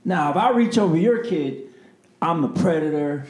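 A man with a somewhat high voice tells stories in a relaxed chat. He is animated and acts out the people he quotes. The room around him is echoey. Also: normal speed. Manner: animated, swings between voices when quoting people. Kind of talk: casual storytelling chat.

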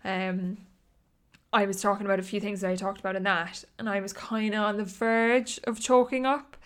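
A woman's voice: medium pitch, level tone, moderate pace, smooth. Chatty young Irish woman. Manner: chatty, rambling, laughs often. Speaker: podcast host. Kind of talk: casual chat.

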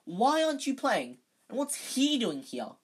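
A reader voicing a hot-headed, loyal schoolboy who speaks loudly and indignantly, in a fan storybook reading. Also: high-pitched, wildly swooping pitch, measured pace, husky, pitched above the performer's own voice, heavily acted. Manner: loud and indignant.

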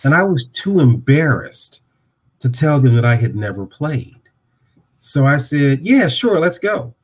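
A man in his sixties from Ohio, a podcast guest telling a story and acting out the dialogue with lively voices. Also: medium pitch, unhurried, slightly rough. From Dayton, Ohio.

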